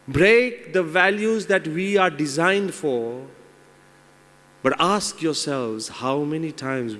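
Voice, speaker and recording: A man's voice: medium pitch, a little hiss or hum. Man telling a moral story in a hall. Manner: animated storyteller. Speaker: monk giving an inspirational talk. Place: large seminar hall. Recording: long reverb in large hall.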